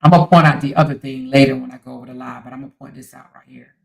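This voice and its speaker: A woman hosting a casual livestream, talking straight to her viewers in an animated, incredulous way. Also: extremely low pitch, rapid-fire, gravelly, rough recording. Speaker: livestream commentary host.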